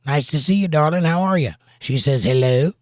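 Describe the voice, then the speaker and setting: A man's voice: fairly high pitch, brisk, a little mellow, dry recording, studio quality. A man hosting a casual livestream, greeting viewers by name and reading their chat messages aloud, with playful rhyming jokes.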